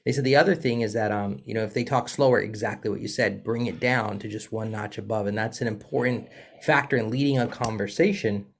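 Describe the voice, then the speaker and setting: A man with a slightly low voice chats casually as a sales coach. He talks with enthusiasm and keeps affirming what he hears. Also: fairly even intonation, fairly quick. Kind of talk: casual conversation.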